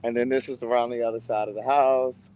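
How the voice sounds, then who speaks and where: A man's voice: medium pitch, flat delivery, a little fast, a little mellow, smooth. A man hosting his own show, showy in intros and loosely chatty on a phone live stream from a backyard. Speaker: host. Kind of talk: scripted promo and casual live stream. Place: friend's house, backyard.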